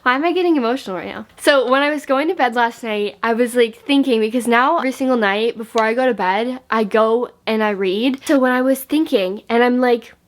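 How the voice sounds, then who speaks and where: A young woman book vlogger in casual chat, gushing and excitable, full of "like" and restarts. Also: on the high side, moderate pace, few pauses.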